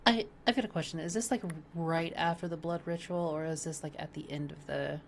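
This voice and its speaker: A woman's voice: low-pitched, fairly even intonation, a little fast, creaky. Casual woman player asking questions. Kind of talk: tabletop role-play.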